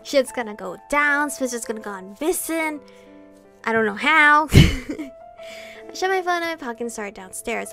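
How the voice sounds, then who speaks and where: Casual: girl with a high-ish voice reading a visual novel out loud, all dramatic, swears and laughs a lot, soft music playing behind. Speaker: let's play host.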